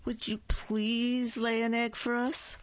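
Storybook young chicken, polite and eager, read by a woman; slow, dull lo-fi sound. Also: a little high, little pitch movement, dry recording, pitched above the performer's own voice. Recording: dull lo-fi dry recording.

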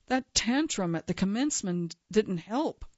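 Woman reading as a gentle worried nurse. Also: medium pitch, lively intonation, measured pace, dry recording, muffled recording. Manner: gentle, soothing.

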